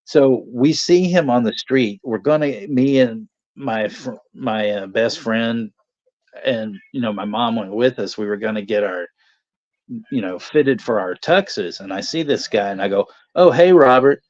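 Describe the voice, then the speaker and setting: A man's voice: lowish voice, a little slow, a little mellow, dry recording. A man telling casual anecdotes on a watch party stream, laughing often and swearing freely. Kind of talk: casual storytelling chat. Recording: dull lo-fi dry sound.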